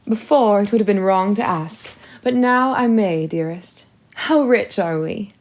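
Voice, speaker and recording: A woman's voice: mid-range voice, a little mellow, lightly acted. A woman voicing a vain, pouting middle-aged stepmother in a storybook reading. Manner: pouty, whiny, drawn-out.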